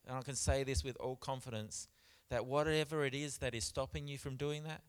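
A man preaching a sermon in church, stressing points with repeats and swinging between loud and soft. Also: medium pitch, fairly even intonation, brisk, smooth. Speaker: pastor.

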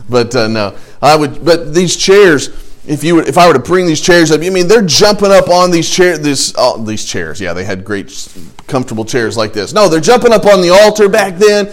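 A man's voice: fairly high pitch, sing-song, moderate pace. A man teaching a casual Bible study, reading scripture aloud and adding jokey, conversational asides.

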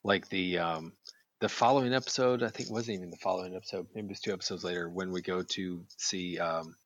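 A man's voice: sits low, steady tone, fast talker, no room sound. A man rambling in casual chat as a podcast co-host, swearing freely and restarting his sentences often.

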